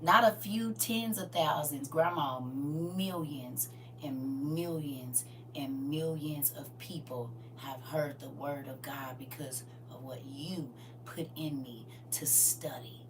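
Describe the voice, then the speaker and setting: A woman ministering on a livestream, emotional and close to tears, swinging from loud preaching to soft near-whispers and calling listeners honey and y'all. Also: sits low, a little slow, few pauses, far from the mic, background noise. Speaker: online minister and livestream host.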